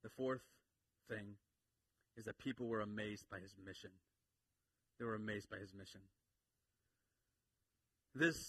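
Husky, bright-voiced preaching man. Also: medium pitch. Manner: conversational preaching with call-and-response and acted-out asides. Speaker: pastor. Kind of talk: sermon.

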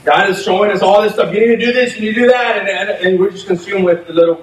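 A man preaching a sermon in an animated, conversational way, often breaking into laughter. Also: high voice, fast talker. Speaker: pastor. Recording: echoey room, mic at a distance, faint noise.

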